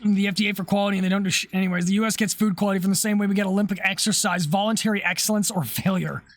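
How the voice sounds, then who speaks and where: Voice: medium pitch, fairly even intonation, very fast, dry recording. A live streamer chatting casually while building LEGO, reacting to chat messages, laughing often and swearing freely.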